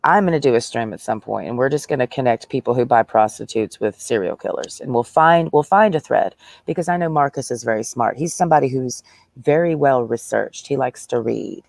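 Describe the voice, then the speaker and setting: A woman's voice: a bass voice, lively intonation, fairly quick, vocal fry, darkish tone, dry recording. A woman livestreaming a blunt, profane, sarcastic rant, talking straight at her listeners. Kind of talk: ranting livestream monologue.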